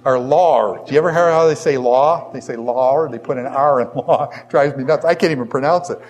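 A man with a Boston accent teaching a Bible lesson to a class, animated and firing rhetorical questions. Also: a little high, fast.

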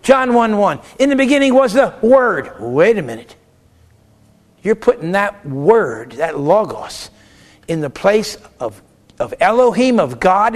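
A man lectures a class on theology, pitched noticeably high for a man. He argues both sides of a question aloud, firing off rhetorical questions and snapping back short answers. His delivery stays animated and emphatic.

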